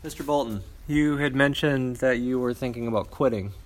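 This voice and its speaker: Podcast host guy, measured, gently asking questions in a dojo. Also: mid-range voice. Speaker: podcast host interviewing a student. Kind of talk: interview question. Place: martial arts dojo.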